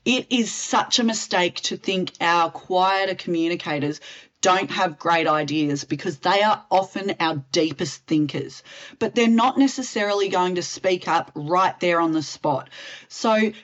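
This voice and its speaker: A woman, a communications specialist answering interview questions in a direct, expressive way and acting out example lines. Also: lowish voice, measured pace, dull audio. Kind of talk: interview answers, expert advice.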